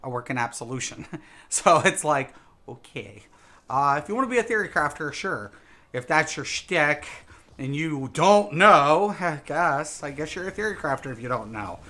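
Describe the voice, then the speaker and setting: A man's voice: on the high side, lively intonation, normal speed, sharp tone. A man streaming a game live, chatting casually with viewers in a rambling, emphatic way, repeating words and saying "dude" a lot. He sounds a little tipsy.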